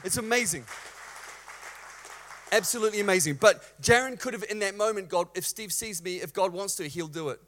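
A male pastor preaching a sermon in a church, energetic, swinging from loud exclamations to hushed storytelling. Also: high-pitched, brisk, hardly any pauses, some chatter behind.

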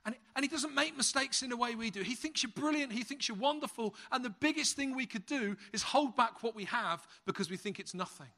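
Man, British accent, preacher, sermon, funny storyteller, high bright voice. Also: a little fast, few pauses. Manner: humorous, lively storyteller.

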